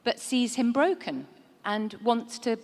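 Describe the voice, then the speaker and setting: A woman actor on a fan-convention panel, speaking earnestly with halting restarts and laughing as she tells stories. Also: on the high side, very animated, gravelly, a little mellow. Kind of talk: reflective panel talk. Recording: reverberant convention hall.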